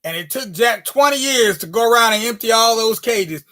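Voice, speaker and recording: A woman storyteller telling a folk tale to an audience with dramatic, drawn-out delivery. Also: on the high side, animated, sharp tone.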